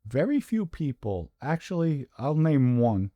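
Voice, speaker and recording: A man's voice: medium pitch, sing-song, a little slow, dry recording, lo-fi sound. A man, the guest, recounting memories and stressing key words by repeating them. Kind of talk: conversational interview.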